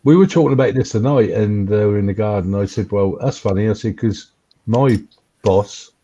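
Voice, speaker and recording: A man's voice: on the low side, normal speed, mellow, muffled recording. A laid-back man chatting casually with friends online, chuckling and answering briefly. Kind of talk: casual group chat.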